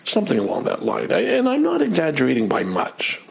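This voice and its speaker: Middle-aged guy with a gravelly raspy voice telling a story on himself, kinda high and all over the place. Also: fairly quick. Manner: animated, self-deprecating, acts out his own angry outbursts. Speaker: vlogger telling a personal story. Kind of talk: casual spoken storytelling.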